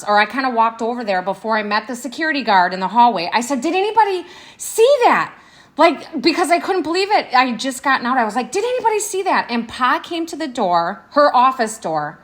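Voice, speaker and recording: A woman's voice: on the high side, pushed and bright. Woman recounting an incident, conversational. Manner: conversational, with restarts and quoted speech. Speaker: interviewee. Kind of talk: recounting events while watching footage.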